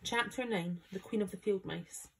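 A woman from Scotland reading a chapter of a children's book aloud, in steady, plain storytelling. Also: medium pitch, moderate pace, creaky, a little hiss or hum. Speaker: volunteer reader.

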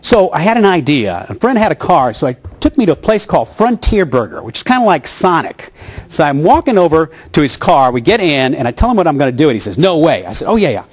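Animated, high-voiced male comedian. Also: fast, slightly rough. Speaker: voice actor and comedian. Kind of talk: comedy storytelling on a talk show.

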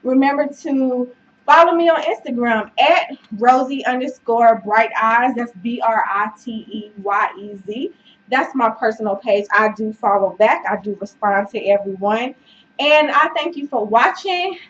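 An unhurried woman with a fairly high, slightly bright voice does a casual fitness vlog, talking encouragingly to camera with plenty of fillers, dropping "y'all" and "child," and sometimes breathing hard. The recording is dull and faintly noisy, captured from a distance.

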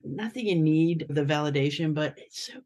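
A woman's voice: sits low, moderate pace, a little mellow. A woman guest artist chatting casually in an interview, rambling and often restarting her sentences.

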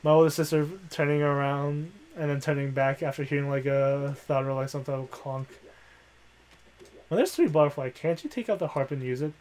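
Give me a crude joking young man, a bit high-voiced. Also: fairly quick, a little mellow. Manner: crude, joking anecdotes full of swearing. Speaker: co-host of a gaming show. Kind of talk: casual let's-play banter. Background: faint game music.

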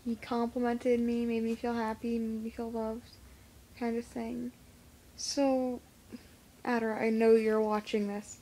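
A teenage girl with a lisp, talking to camera in a casual vlog, halting and full of fillers. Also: on the high side, little pitch movement, dark tone, a little hiss or hum. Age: teens. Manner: hesitant, halting with many fillers. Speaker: vlogger. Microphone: phone camera.

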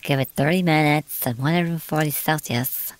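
With a deep voice at a moderate pace, a woman from Britain chats her way through a streamed game. Her casual commentary mixes exclamations with muttering to herself.

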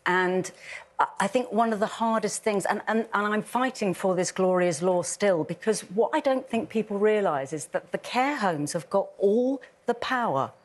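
A woman's voice: mid-range voice, expressive, normal speed. Earnest English woman on a TV panel. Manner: earnest, emphatic and pleading. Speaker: guest campaigner. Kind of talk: daytime TV panel chat. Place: TV studio.

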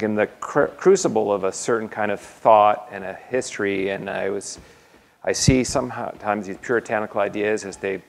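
A man with a low, gravelly voice gives a slide talk about his own art in a university lecture hall. He speaks haltingly and keeps breaking off to restart with fillers. The sound carries a long hall reverb. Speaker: artist giving a lecture.

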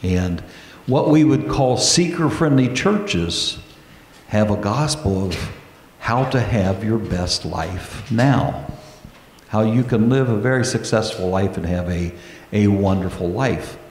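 Male pastor, low voice, slow deliberate sermon delivery, reverberant sanctuary sound. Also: animated, a little mellow, slight background noise. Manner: earnest, slow preaching with prayerful pauses. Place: church sanctuary. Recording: echoey church hall.

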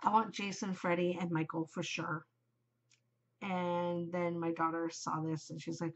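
A woman's voice: lowish voice, flat delivery, a little slow, highs cut off. A middle-aged woman hosting a podcast, chatting casually and giggling, easily distracted. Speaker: podcast host. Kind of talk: casual chat to camera.

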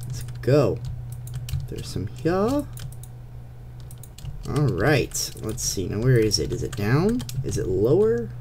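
A man's voice: medium pitch, wildly swooping pitch, takes it slowly, long pauses, mellow, slight background noise. A young man giving casual, playful commentary while he plays a game, talking to the monsters as he goes. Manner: chatty, playful, talks to the monsters. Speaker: gameplay commentator. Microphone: desktop USB microphone.

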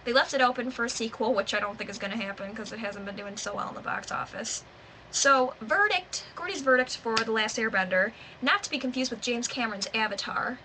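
A woman's voice: a little high, fairly quick, background noise. A woman with a Michigan accent giving a rambling, unedited movie review to camera, full of asides and fillers. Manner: chatty, rambling, lots of "like" and trailing asides. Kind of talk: casual unedited video review.

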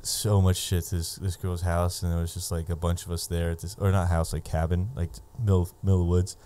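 Young male comic, low mellow voice, loose swearing storyteller, casual pod chat. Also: level tone, a little fast, a little hiss or hum. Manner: loose, profane, lots of fillers. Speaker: guest comedian.

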